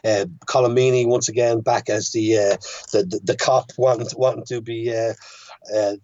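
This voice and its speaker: A man's voice: mid-range voice, steady tone, moderate pace, darkish tone, lo-fi sound. A man with an Irish accent, a guest filmmaker chatting on a podcast, hesitant and full of restarts and fillers. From Ireland. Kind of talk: casual podcast chat.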